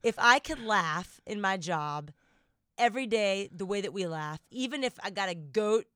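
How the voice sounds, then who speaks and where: A woman's voice: mid-range voice, normal speed, clear, resonant tone, no room sound, clean studio sound. Southern-accented woman podcast co-host. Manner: animated, laughs often, exaggerated Southern accent. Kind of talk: casual chat.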